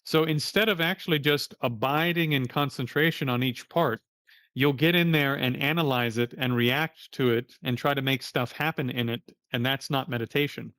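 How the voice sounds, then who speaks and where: A man's voice: mid-range voice, moderate pace, a bit bright, dry recording, studio quality. Casual plain-spoken male meditation teacher. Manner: casual, plain-spoken, curses now and then. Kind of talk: livestreamed meditation class.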